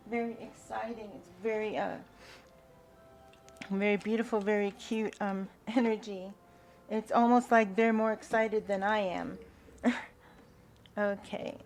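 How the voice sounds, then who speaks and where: Unhurried woman doing a spiritual card reading, soft and halting, mid-pitched. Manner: slow, soft-spoken, hesitant with fillers; invocation-like gratitude prayer. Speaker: tarot reader.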